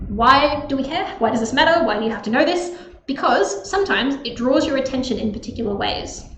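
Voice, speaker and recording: A woman explaining a literature text to students in a casual, chatty way with many fillers. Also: a little high. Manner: chatty, filler-heavy, stresses words in read quotes. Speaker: tutor presenting a text analysis lesson. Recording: slightly roomy with faint background hiss.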